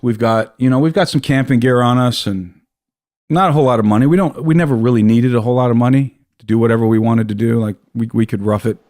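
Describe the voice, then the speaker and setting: A man's voice: medium pitch, quick pace, a little mellow, dry recording. An American man with a mid-range voice tells a personal story in a loose, conversational way. He circles back on himself often, restarting and repeating words as he goes. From United States. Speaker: guest telling a story.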